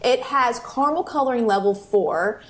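Animated woman telling a story. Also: on the high side, normal speed. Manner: animated, acts out the voices in her anecdote. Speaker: guest, food activist. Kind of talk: storytelling in a podcast interview.

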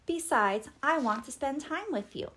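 A woman playing a spirited young storybook princess, eager and bright, with a lively, bouncing pitch. She sounds quick and enthusiastic.

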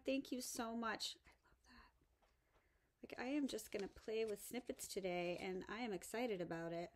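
A woman vlogging a craft haul in a casual show-and-tell style, gushing over each item and dropping to soft whispers. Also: medium pitch, moderate pace.

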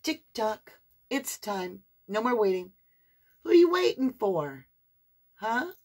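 A woman's voice: fairly high pitch, slow pace. Chatty woman giving a tarot reading. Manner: animated, chatty, affectionate, sing-song emphasis. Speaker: tarot reader. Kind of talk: spiritual tarot reading to camera.

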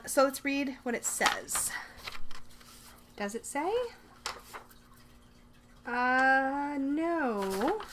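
Excitable woman gushing on camera. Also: a little high, noisy background. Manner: excitable, gushing, talks to herself. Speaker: vlogger unboxing a subscription box. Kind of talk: casual unboxing chat to camera. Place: bedroom.

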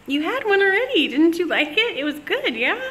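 A man's voice: extremely high pitch, very animated, brisk, pushed and bright, voice pushed up, heavily acted. A woman voicing an insistent man who keeps pressing sweets on a guest, with coaxing, pushy hospitality.

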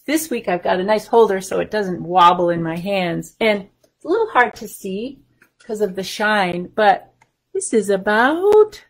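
Woman reading a kids' book, lots of ups and downs, slow and high. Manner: animated, asks the children questions. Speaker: children's librarian. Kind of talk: reading a picture book aloud to children.

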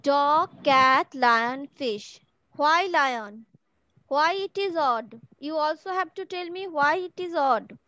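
A woman's voice: high-pitched, lively intonation, takes it slowly, bright, forceful tone, muffled recording. A woman teaching an online class, patiently repeating each question and word for her pupils. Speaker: school teacher. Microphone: video call from home.

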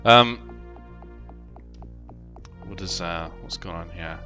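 A man's voice: sits low, slow pace, bright, forceful tone. A man with a London accent chatting casually and joking while he streams a game and reads out chat messages. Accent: London English. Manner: rambling, jokey, swears casually, reads out chat. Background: game music.

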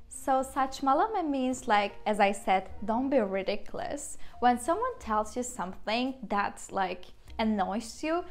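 Lively Turkish-accented woman teaching phrases. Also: fairly high pitch. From Turkey. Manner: explains with everyday examples, laughs often. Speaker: language teacher. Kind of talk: casual language lesson.

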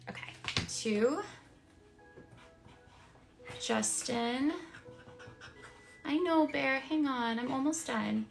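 A woman's voice: a little high, drawn-out words, creaky, pauses often, over music. A woman streaming casually, chatting with fans while she signs prints, with frequent ums and small laughs. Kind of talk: casual livestream chat.

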